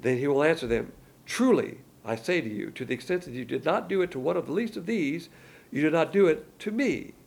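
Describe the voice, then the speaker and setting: A man's voice: fairly high pitch, lively intonation, brisk, gravelly, a little mellow, breathy edge. A man preaching a sermon, colloquial and emphatic, with slangy asides.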